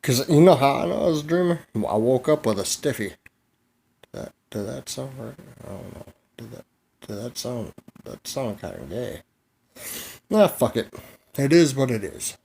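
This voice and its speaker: A man's voice: medium pitch, animated, normal speed, creaky, long pauses, a little mellow, slightly rough. A man vlogging a crude comedic monologue, rambling, swearing freely and laughing at his own jokes.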